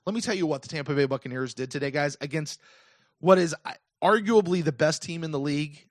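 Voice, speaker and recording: An American man in his thirties rants to his listeners on a call-in sports podcast, circling back on his points with emphatic repetition. His voice sits a little high. The sound is dry and close to the mic. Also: quick pace, dry recording. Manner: animated, repetitive, emphatic rant. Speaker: podcast host.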